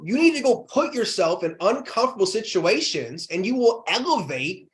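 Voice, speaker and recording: Energetic motivational male guest. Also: high-pitched, normal speed, few pauses. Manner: energetic, motivational, rhetorical questions. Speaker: podcast guest. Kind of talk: motivational interview talk.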